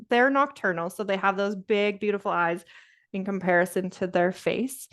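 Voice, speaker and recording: A woman presenting a nature lesson to children over a video call, upbeat and encouraging, with laughs and fillers. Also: on the high side.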